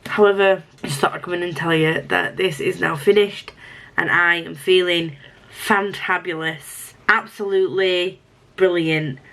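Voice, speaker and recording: A woman with a somewhat low voice chats casually as a book vlogger. She talks in a rambling, friendly way and often restarts her sentences. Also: fairly even intonation, moderate pace, vocal fry, fairly bright tone. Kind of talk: casual vlog chat.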